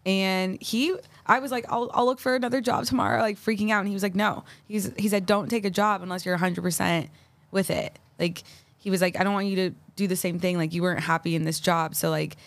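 A young adult woman speaking as a guest in a casual interview, chatty and quick to laugh, with many fillers. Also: medium pitch, steady tone, no echo. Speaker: podcast guest.

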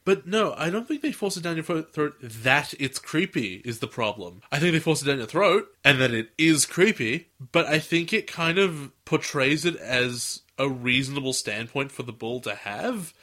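An opinionated man co-hosts a laid-back talk show. His bright, edgy voice swings widely in pitch as he argues his points, and he acts out other people's lines to poke fun at them. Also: normal speed, few pauses. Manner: animated, opinionated, mocks lines with put-on quotes. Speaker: podcast co-host. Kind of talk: casual chat reviewing an anime dub.

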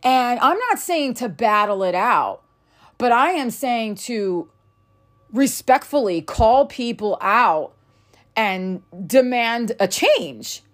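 A woman's voice: on the high side, expressive, slow, a bit bright. A woman hosting a podcast, telling a story in a casual, chatty way, with many fillers and some laughter. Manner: chatty, frequent "like" fillers, laughs between lines. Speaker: podcast host.

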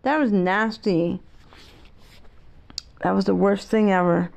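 A woman's voice: mid-range voice, slow, vocal fry, darkish tone. A middle-aged woman vlogging in a rambling, outspoken, opinionated casual monologue.

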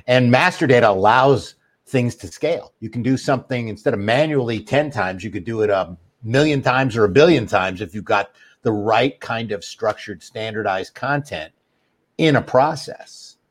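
A man's voice: mid-range voice, moderate pace. A middle-aged man, a guest expert in an interview, explaining a technical subject steadily with everyday examples. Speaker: guest expert on master data.

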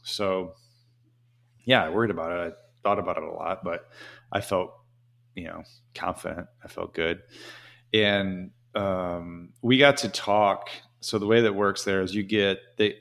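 A man's voice: sits low, fairly bright tone. A man telling a casual, rambling story as an interview guest, with many "you know" fillers.

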